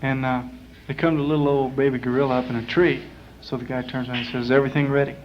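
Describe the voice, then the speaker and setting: A man's voice: medium pitch, little pitch movement, fast talker, slight background noise. A man telling a long, rambling joke on a club stage, casual and drawling, with lots of filler words, on a muffled 1960s live recording. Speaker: performer telling jokes on stage.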